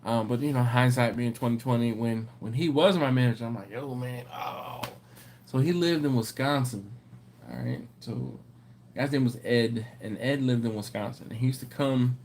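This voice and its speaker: A man hosting a barbecue livestream, chatting casually and reading viewer comments aloud, with a rambling, animated storytelling manner. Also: mid-range voice, slight background noise. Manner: rambling storyteller, animated when telling anecdotes.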